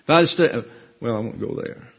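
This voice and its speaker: A man's voice: mid-range voice, lively intonation, moderate pace, creaky, breathy edge, highs cut off. A man preaching a folksy, humorous sermon as a pastor teacher, with joking asides. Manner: humorous, conversational, self-deprecating asides.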